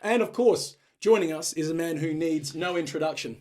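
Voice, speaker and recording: An Australian man hosts a casual sports chat show with cheeky, teasing banter. His voice sits a little higher than most men's. He laughs easily between jokes. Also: moderate pace, darkish tone. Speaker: podcast host.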